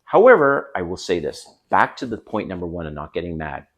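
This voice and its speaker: A man's voice: low-pitched, sing-song, a little fast, muffled recording. A man hosting his own channel, giving direct, conversational dating advice to the camera. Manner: direct, conversational, acts out quoted lines. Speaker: dating coach.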